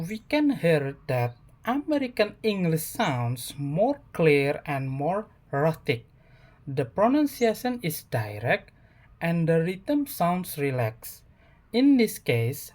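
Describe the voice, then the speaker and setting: A man's voice: fairly high pitch, a little mellow. A young man with an Indonesian accent, a native Indonesian speaker, giving a scripted class presentation and reading carefully with hesitant fillers. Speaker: student presenter.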